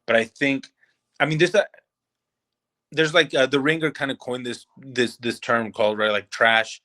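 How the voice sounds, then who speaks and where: A man's voice: mid-range voice, fairly even intonation, normal speed, pushed and bright. A man co-hosting a podcast, talking loosely about films with many fillers and restarts. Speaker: podcast co-host. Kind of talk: casual film review chat.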